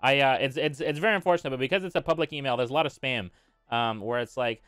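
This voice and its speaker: A man's voice: medium pitch, smooth, no echo, studio quality, soft background music. A young adult man streaming a game live, rattling off profane thank-yous to subscribers in a casual chat style. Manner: profane, rapid shout-outs to subscribers.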